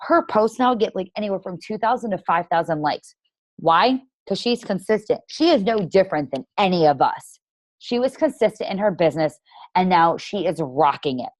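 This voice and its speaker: A woman's voice: fairly low pitch, lively intonation, normal speed, no echo. Brief: woman team leader, blunt and emphatic, casual motivational talk, dry close sound. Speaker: team leader of fitness coaches.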